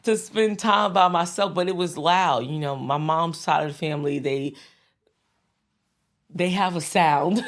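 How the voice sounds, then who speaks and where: A woman's voice: fairly low pitch, measured pace. A woman in her thirties from the Bronx with a New York accent, chatting as a guest in an interview with frequent laughs and restarts. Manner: animated and laughing, with many restarts and fillers. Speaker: guest recording artist. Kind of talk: casual interview chat.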